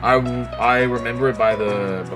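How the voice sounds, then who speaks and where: A young man livestreaming, ranting casually to his chat in an animated, heavily profane, slangy way. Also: mid-range voice, normal speed. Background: music.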